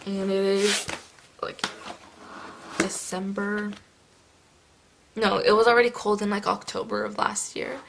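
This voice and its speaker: Young woman, crafting vlogger, slow and groggy with a gravelly morning voice, rambly and casual. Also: medium pitch, low-quality recording. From California. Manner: rambling, with many fillers, slipping into soft murmurs. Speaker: planner vlogger. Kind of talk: casual chat while decorating a planner.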